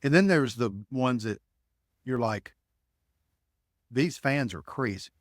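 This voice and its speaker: Middle-aged man telling animated stories. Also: medium pitch, slow pace, dry recording, clean studio sound. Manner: animated storyteller, acts out dialogue, frequent restarts. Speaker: guest, ticket broker. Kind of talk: storytelling in a podcast interview.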